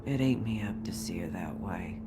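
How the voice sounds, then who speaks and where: A bitter, grieving bar owner. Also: female voice, extremely low pitch, lively intonation, normal speed, heavy background noise. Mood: weary. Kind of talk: video game voice acting. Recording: game audio over music.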